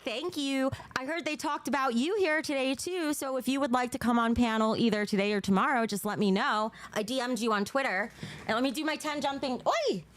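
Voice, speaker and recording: A woman with a high voice talks casually to her livestream audience from home. She chats along, reads out donations and talks to her cats. At times she is out of breath from exercising. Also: brisk. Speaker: livestream host.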